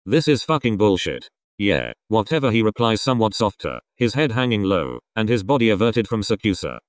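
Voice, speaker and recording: A man narrating a fan story in a steady audiobook style. His voice sits low but rises and falls a lot as he reads, and the recording is dry and close with no room sound. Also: brisk, no room sound. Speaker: fan fiction reader.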